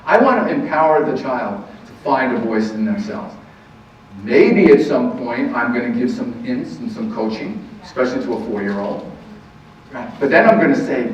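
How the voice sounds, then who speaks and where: Middle-aged male counselor, lively storyteller; muffled, faint hiss, captured from across a hall. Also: mid-range voice, normal speed. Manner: lively, anecdotal, laughs easily. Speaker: counselor giving a parenting talk. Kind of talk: live talk to an audience. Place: meeting room with audience. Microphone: distant room mic. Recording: echoey room, far-off muffled mic.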